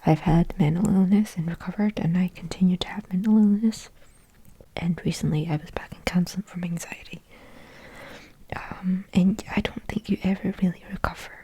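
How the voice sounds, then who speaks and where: A young woman whispering a soft, musing ASMR ramble into a close microphone, thinking aloud with lots of fillers. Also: fairly low pitch, steady tone, normal speed, slightly rough, no echo. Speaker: ASMR creator.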